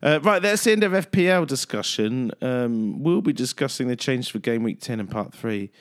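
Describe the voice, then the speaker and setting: A man hosting a casual radio sports chat, jokey and upbeat. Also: normal speed. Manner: jokey, upbeat, lively swings in pitch. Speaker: host.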